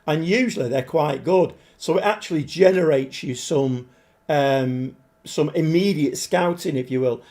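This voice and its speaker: A man live-streaming a game, chatting to viewers and getting easily frustrated, his voice a bit hoarse. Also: on the high side, unhurried, a little mellow. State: voice struggling, slightly hoarse. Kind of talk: live-stream commentary while playing.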